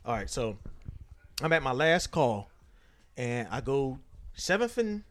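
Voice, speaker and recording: A man telling a profane, animated story to friends, acting out the voices of people in it. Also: mid-range voice, slow pace. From Philadelphia. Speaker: storyteller guest. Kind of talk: casual storytelling among friends.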